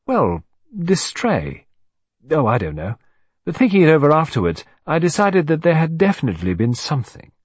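A man voicing a gossipy, dismissive young woman in an audiobook, with a lifted, slightly husky tone and dry, close sound. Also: fairly high pitch, big pitch swings, no echo, pitched above the performer's own voice. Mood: scornful. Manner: brisk and dismissive.

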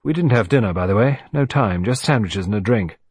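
A man voicing a bluff middle-aged naval commander in an audiobook, talking bluntly and emphatically in a slightly husky voice. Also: on the low side, animated, fairly quick, darkish tone, no room sound. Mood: recounting.

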